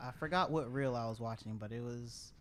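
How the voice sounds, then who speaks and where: A man as a podcast guest, telling how he started his clothing brand in a relaxed way. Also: medium pitch, a little fast, a loud crowd. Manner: relaxed storytelling, easygoing. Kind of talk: casual podcast interview.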